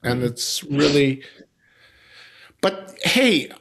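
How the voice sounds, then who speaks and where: A middle-aged man with a Russian accent, hosting a casual conversation, speaking haltingly with many fillers and restarts. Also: on the high side, big pitch swings, fairly bright tone. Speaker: editor and podcast host.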